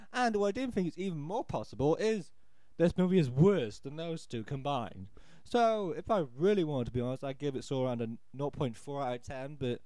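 Exasperated man ranting, lively pitch. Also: smooth, no echo. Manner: exasperated, sarcastic, rambling with restarts. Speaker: amateur film reviewer. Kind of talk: ranting audio film review.

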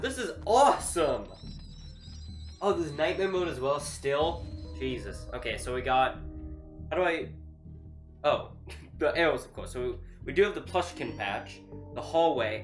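A gaming YouTuber with a medium-pitched voice plays a VR horror game, swinging between nervous laughter and frightened shrieks. The recording has a roomy sound.

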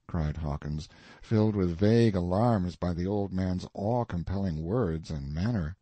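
Male audiobook narrator, husky, warm, lively intonation, dry close recording. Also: deep voice, normal speed, no room sound. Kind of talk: scripted narration of a classic novel.

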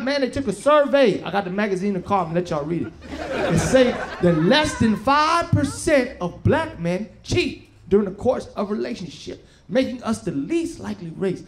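A young man doing a stand-up comedy set on stage, loud and streetwise, bantering with the crowd. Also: high-pitched. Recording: live show, loud crowd laughter and noise.

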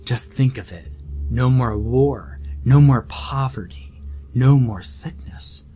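A man's voice: medium pitch, slow, warm tone, a little hiss or hum, lightly acted. A man voicing a passionate, idealistic male scientist in an audiobook horror story, speaking earnestly. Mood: eager. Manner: earnest and pleading.

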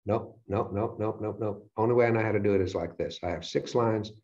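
A man giving a motivational lecture, telling stories and acting out his own reactions with lively energy. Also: lowish voice, a little fast. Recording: dull lo-fi sound.

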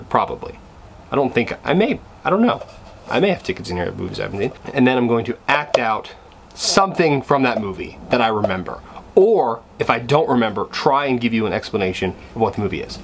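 A man's voice: medium pitch, slight background noise. A young man rambling casually to camera at home, self-deprecating and full of restarts. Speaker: vlogger. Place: bedroom at home, indoors.

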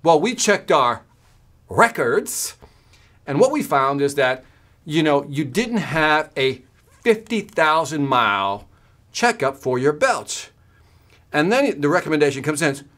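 A man's voice: on the high side, very animated, measured pace, fairly bright tone. A man giving a workshop talk as a sales trainer, telling a story and acting out both sides of the conversation, checking in often with "right?".

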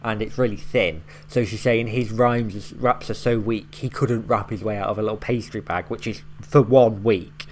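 Lowish-voiced man rambling through a reaction. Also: fairly even intonation, moderate pace, few pauses, slight background noise. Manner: rambling, explaining lines with loose fillers and swearing. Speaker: YouTube reaction host. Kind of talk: casual reaction commentary.

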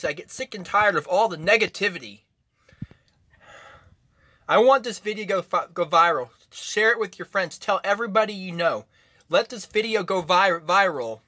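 A young man from Florida vents straight into his phone camera, agitated and repetitive, swearing as he goes. His voice sits high for a man. It has a bright, tense edge. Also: no room sound, clean studio sound. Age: 20s. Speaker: vlogger. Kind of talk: angry personal rant to camera.

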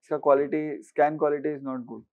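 A man's voice: a little high, steady tone, rapid-fire, phone-quality sound. A man with an Indian English accent giving an exam-prep lecture, often asking students questions and slipping in Hindi words. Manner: questioning, mixes Hindi words, repeats for emphasis.

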